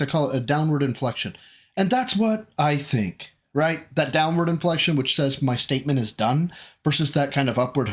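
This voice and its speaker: A man hosting a live reaction stream, heckling a clip with profane, mocking commentary. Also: a little high.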